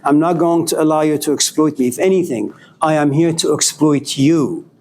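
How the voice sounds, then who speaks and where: Male philosophy professor, animated storyteller in class, voice a bit high, light background noise. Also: moderate pace. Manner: animated storytelling, acting out dialogues with students. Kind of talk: classroom lecture.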